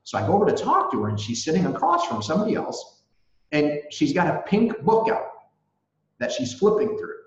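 A man chatting as a guest on a podcast, telling stories in an excitable, emphatic, self-mocking way. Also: fairly high pitch, a little fast. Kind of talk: animated storytelling chat. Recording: echoey room, dull sound.

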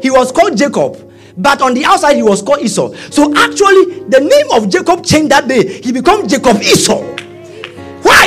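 A man, preaching a sermon, swinging from quiet asides to shouting. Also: extremely high pitch. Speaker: pastor.

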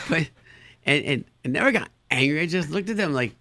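A man, a therapist, giving parenting advice in a lively advice talk, acting out incredulous reactions and using Yiddish words. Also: brisk, no echo. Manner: animated, acts out incredulous reactions with sudden jumps in pitch. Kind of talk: advice talk answering listener questions.

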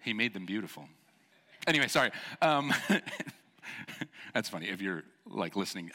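A male pastor delivers a sermon in a church sanctuary, his voice bright and forward. He is animated and jokey, slipping into playful voices for the characters in his story. A long reverb from the hall trails each phrase. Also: lowish voice, normal speed, pauses often. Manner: animated, jokey, acts out voices of the people he preaches about.

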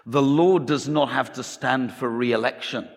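A stern old Scottish pastor, as a preacher puts him on, speaks in a Scottish accent with slow, weighty emphasis. The voice sits well above the performer's usual pitch. It rings through a reverberant hall. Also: male voice, vocal fry. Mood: solemn.

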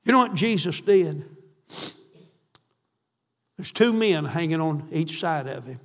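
Fervent high-voiced preacher in an echoey hall. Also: male voice, lively intonation, a little slow. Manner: fervent, emphatic, repeats phrases for stress. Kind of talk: sermon.

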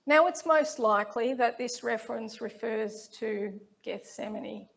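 Woman preacher, slow and measured, slightly high voice with gravelly fry, reflective scripture reading.

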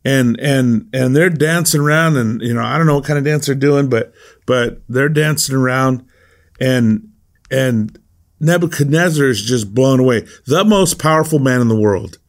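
A man's voice: mid-range voice, normal speed. Middle-aged man, pastor, informal devotional teaching, chatty with frequent word repeats. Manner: conversational, repeats words while thinking.

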